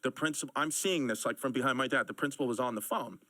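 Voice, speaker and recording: Man, casual raconteur, rapid and animated, acts out the quotes himself, dry close sound. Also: mid-range voice, no room sound, low-quality recording. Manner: animated storytelling, acting out quoted lines. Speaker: guest storyteller. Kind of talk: casual anecdote on a talk show.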